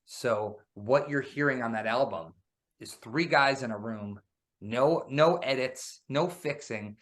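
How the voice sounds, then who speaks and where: A man talking about making a record in a relaxed, animated interview. He tells stories with plenty of energy and keeps dropping "man" into his sentences. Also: medium pitch, slow. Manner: animated storyteller, says "man" often. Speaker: guest musician. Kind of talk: casual interview chat.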